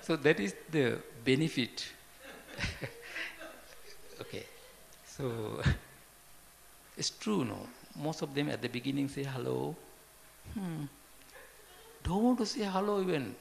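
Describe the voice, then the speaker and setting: A man giving an informal Buddhist talk, halting and repetitive, often asking his listeners questions. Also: a little high, expressive, gravelly. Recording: long hall reverb, faint background noise.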